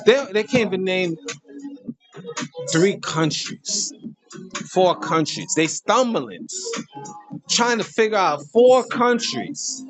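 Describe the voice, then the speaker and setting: Animated man in a crude comic rant. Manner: animated, swings from high outbursts to slow low drawl; crude, mocking, laughs at own jokes. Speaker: host. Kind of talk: comedic rant to camera.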